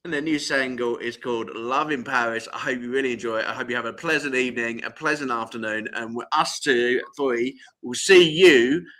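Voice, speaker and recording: A man's voice: medium pitch, a little fast, hardly any pauses, fairly bright tone. A man co-hosting a live music show, chatting in a playful, teasing way. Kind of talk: casual live-stream chat.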